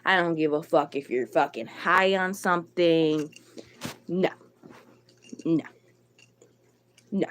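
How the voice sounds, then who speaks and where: A woman's voice: low voice, slow, long pauses, fairly bright tone, a little hiss or hum. A woman livestreamer ranting to her chat, blunt and irritated, swearing a lot and answering viewers by name. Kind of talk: live stream chat rant.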